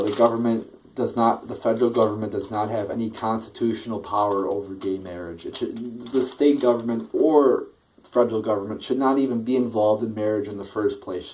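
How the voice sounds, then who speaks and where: A man's voice: lowish voice, darkish tone, slight background noise, low-quality recording. A man delivering a blunt, profane political rant, rambling with many restarts. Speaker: political vlogger.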